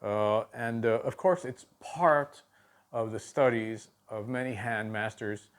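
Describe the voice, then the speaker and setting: A man teaching a drum lesson on video, talking in a halting way with many fillers and counting the strokes aloud. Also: on the low side. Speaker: drum instructor.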